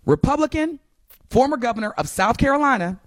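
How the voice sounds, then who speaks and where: A woman's voice: sits high, lively intonation, fairly quick, dry recording, clean studio sound. A woman co-hosting a talk show, chatting animatedly with exclamations and laughter. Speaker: co-host. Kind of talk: casual commentary chat.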